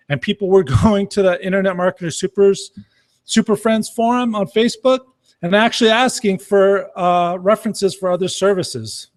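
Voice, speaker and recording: A man's voice: high-pitched, moderate pace. A middle-aged man giving a blunt, casual Q&A talk as a marketing coach, swearing freely. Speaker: marketing coach answering questions.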